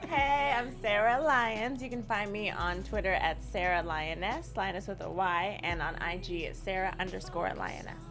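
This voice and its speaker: A woman co-hosting a casual TV recap, lively and playful. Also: mid-range voice, moderate pace, few pauses. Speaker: co-host.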